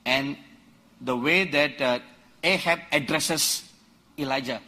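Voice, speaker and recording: A man preaching a sermon to a conference crowd, quoting scripture dramatically and rising to emphatic shouts. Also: a little high, measured pace. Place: large conference hall.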